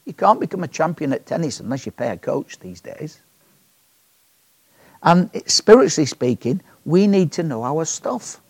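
Guy preaching, husky voice, pitch jumps all over, bit higher than most men, dry mic. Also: sing-song, normal speed, a little mellow, dry recording. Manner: chatty, joking, asks the congregation questions. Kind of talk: sermon.

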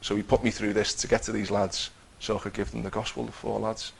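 A man's voice: fairly low pitch, little pitch movement, fast, vocal fry, breathy edge, poor audio. A man telling a personal faith testimony in a conversational way, acting out what he and others said. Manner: conversational, acts out his own quotes, many restarts.

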